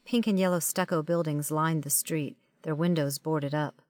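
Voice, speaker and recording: This audiobook narrator is a woman whose low, darkish voice holds a steady tone at a moderate pace. She reads first-person material with wry, conversational storytelling. The audio is dry, at studio quality.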